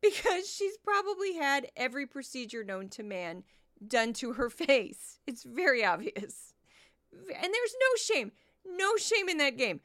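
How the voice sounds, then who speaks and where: A woman hosting a podcast, giving animated, sarcastic commentary and reading a news rundown. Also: high voice, unhurried. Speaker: podcast host.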